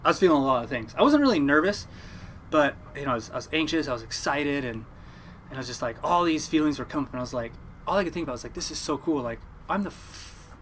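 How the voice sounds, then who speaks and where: A man's voice: a little high, fast, a little hiss or hum. A young man, a fishing boat captain, telling a rambling story in casual chat and acting out what others said. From Oregon, United States. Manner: rambling, animated, acts out quotes.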